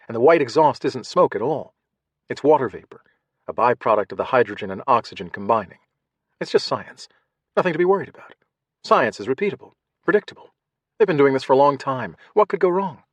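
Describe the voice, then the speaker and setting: A man reads a first-person audiobook in a measured way, hushed in some passages and tense in others. His voice sits in a mid-range pitch. The recording is dry and close, with no room sound. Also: dry recording. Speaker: audiobook narrator. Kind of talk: scripted first-person narration.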